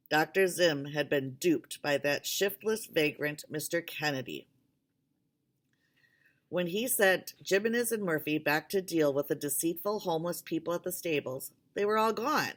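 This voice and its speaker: A woman's voice: on the low side, fairly bright tone. A woman reading a novel aloud, unpolished, with restarts and small asides. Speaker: audiobook reader.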